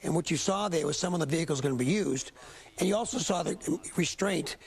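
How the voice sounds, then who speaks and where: Gravelly man commenting live on news. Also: a little high, quick pace. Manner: emphatic, admiring, with many restarts. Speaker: military analyst.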